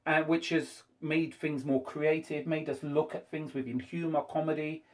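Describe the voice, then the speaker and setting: A man hosting a casual debate, talking haltingly with frequent restarts and fillers. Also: on the high side, flat delivery. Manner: hesitant, halting speech with many restarts.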